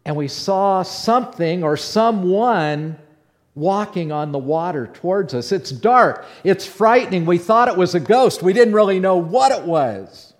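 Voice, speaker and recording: A man's voice: sits high, measured pace. A man playing Peter, the bold outspoken fisherman. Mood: awed storytelling. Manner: animated storyteller, swinging between hushed and loud. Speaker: preacher in character. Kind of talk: first-person dramatic monologue.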